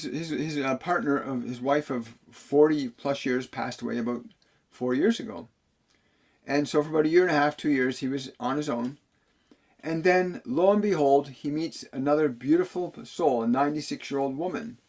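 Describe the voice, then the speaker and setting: A Canadian man who works as a spiritual medium reads viewer questions on a live stream and answers them earnestly in a mid-range voice. He often repeats key phrases.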